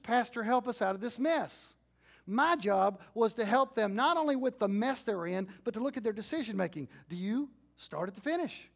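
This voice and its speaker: A middle-aged male pastor preaching a conversational sermon, asking his congregation questions and dropping into quiet, intimate asides. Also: high voice, gravelly.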